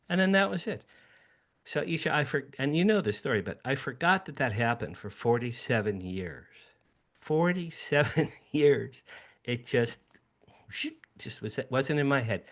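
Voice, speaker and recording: A man in his sixties from New Jersey, a guest telling a story in an interview over a video call at home, animated and acting out his younger self with sudden high bursts. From New Jersey, USA. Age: 60s. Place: home room with a drum set.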